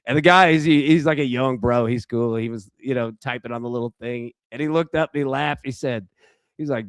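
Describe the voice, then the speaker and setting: A man hosts a live sports stream in a loose, chatty way, with plenty of fillers and restarts. His voice sits at an ordinary middle pitch. The sound is dry and close, with no room echo. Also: fast talker. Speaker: live sports betting show host. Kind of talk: casual live-stream chat.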